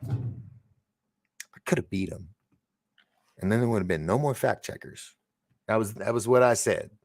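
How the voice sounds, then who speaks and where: A livestream host with a lowish, brisk, slightly mellow voice reads viewer comments aloud on a casual stream, rambling and often trailing off and restarting. He laughs and gasps between remarks. The sound is clean studio audio with no echo.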